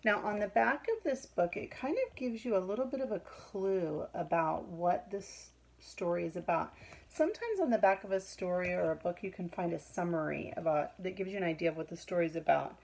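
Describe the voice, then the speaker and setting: A woman reading a picture book aloud to children, explaining pictures and asking questions, with a husky voice. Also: lowish voice, lively intonation, a little fast, darkish tone, rough recording.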